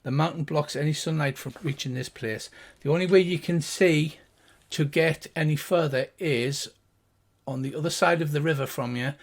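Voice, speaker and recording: An older game master with a gravelly, husky voice. He describes the scene at a steady, unhurried pace. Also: on the high side. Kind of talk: narrating a tabletop game.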